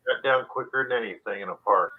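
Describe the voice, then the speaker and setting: A man's voice: medium pitch, quick pace. A man with a mid-range voice talks casually on a live stream, with dry, teasing humor. His audio comes through slightly dull and muffled, like a remote call.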